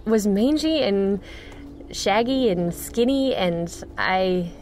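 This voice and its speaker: A woman speaks earnestly in a studio interview, pausing and restarting as she recounts a story. Her pitch sits in a middle range. Soft music plays faintly underneath. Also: lively intonation. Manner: earnest, with frequent pauses and restarts. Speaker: interview guest. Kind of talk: conversational storytelling.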